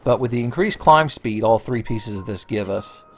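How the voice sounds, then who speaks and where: Young male let's-player, mid-pitched, crude running jokes, soft game music underneath. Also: lively intonation, normal speed. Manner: joking, profane, rambling, with silly voices. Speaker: let's play commentator. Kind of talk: casual gameplay commentary.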